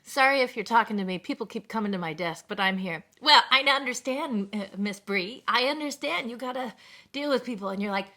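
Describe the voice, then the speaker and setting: A woman rambles casually to her stream audience, thanking them repeatedly, in a brisk, mid-range voice with a very bright, clear tone.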